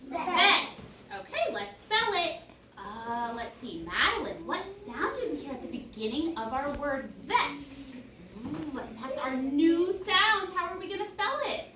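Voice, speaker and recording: A woman teacher with a high, bouncy, animated voice runs a phonics lesson, drawing out sounds in a sing-song way and praising often. She is recorded from across an echoey classroom, with clear background noise. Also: normal speed. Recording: echoey classroom, mic far off, noisy.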